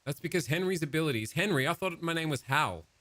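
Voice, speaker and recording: Speaking fast in a slightly high, somewhat bright and expressive voice, a gamer bantered dryly with an AI as he goes through a game tutorial. The recording has no room sound, and the tone is casual, teasing commentary.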